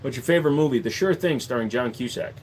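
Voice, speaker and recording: A man's voice: medium pitch, fast talker, slight background noise. A man hosting a casual livestream Q&A, chatting jokily and answering viewers on a desk microphone. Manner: jokey, slips into accent impressions. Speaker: livestream host.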